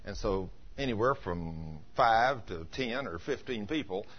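A male pastor telling stories in an animated sermon, dropping to quiet asides and rising to loud emphatic peaks. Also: on the low side, measured pace. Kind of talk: storytelling sermon. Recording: dull lo-fi sermon recording.

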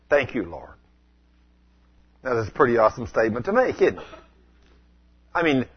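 A man preaching a storytelling sermon in a folksy way, asking the congregation questions and rising to loud exclamations. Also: a little high, husky, lo-fi sound.

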